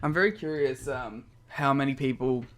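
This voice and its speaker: A man's voice: medium pitch, moderate pace, a bit bright. A man with an Australian accent co-hosting a podcast, chatting casually in a rambling way and laughing often. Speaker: podcast co-host. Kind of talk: casual chat.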